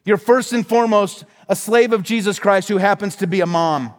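A male pastor delivers a sermon in a fervent, emphatic way, stacking repeated phrases for force. His voice sits high for a man, and it rings out with the long reverb of a large hall. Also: moderate pace.

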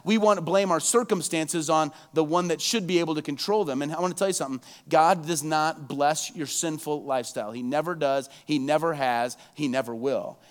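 Male preacher, slightly higher voice, dramatic sermon delivery with acted-out quotes. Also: clear, resonant tone. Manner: dramatic, acts out quoted prayers with rising intensity. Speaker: pastor.

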